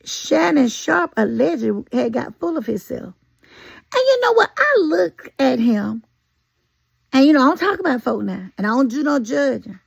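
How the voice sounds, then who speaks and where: Woman ranting to her viewers, high voice, kinda gravelly, close and dry. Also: normal speed, dry recording. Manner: animated, folksy and sassy, talks straight at viewers. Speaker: commentary vlogger. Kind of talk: casual opinion commentary.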